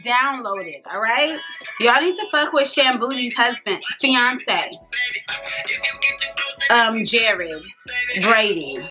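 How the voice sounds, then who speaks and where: Speaking slowly with long pauses over music, a tipsy woman chats through a casual makeup tutorial and swears freely at her viewers. Her voice is fairly high and animated.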